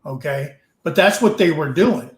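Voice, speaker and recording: A middle-aged man, a retired Army sergeant, co-hosting a casual livestream chat and telling stories with lively acted-out dialogue. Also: fairly high pitch, moderate pace, roomy sound. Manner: storytelling, animated, acts out dialogue.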